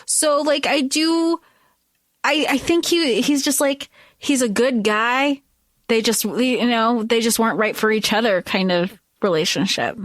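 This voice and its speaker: A woman co-hosting a podcast, expressive and giggly, chatting casually about a book and quoting characters. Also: on the high side, measured pace, dry recording, clean studio sound. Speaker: podcast co-host.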